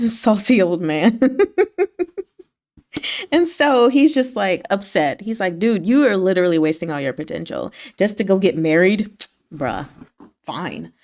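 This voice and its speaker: A woman hosting a casual book chat, recapping chapters in a chatty, wry way, laughing often and acting out quick lines from the story. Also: mid-range voice, expressive, darkish tone. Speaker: book discussion host.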